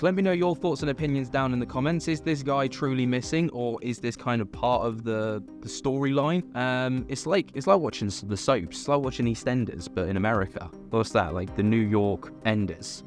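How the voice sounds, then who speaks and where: A man chats through a commentary vlog in a casual, skeptical way, leaning on fillers as he goes. His voice sits at an ordinary middle pitch, with soft music faintly underneath. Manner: chatty and skeptical, many fillers. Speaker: host. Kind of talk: casual commentary on online videos.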